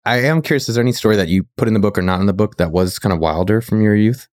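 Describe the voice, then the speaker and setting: A man hosting an interview, asking casual questions with relaxed joking asides. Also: lowish voice, very fast, dry recording, clean studio sound. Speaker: interviewer host.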